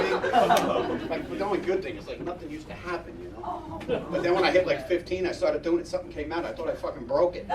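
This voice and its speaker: A middle-aged man with a high, bouncy voice barrels through a crude, profane stand-up set. He is picked up from a distance in an echoey room, with a loud crowd laughing over him. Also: very noisy. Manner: brash, profane, rambling with "you know what I mean". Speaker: stand-up comedian. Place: live comedy venue with audience.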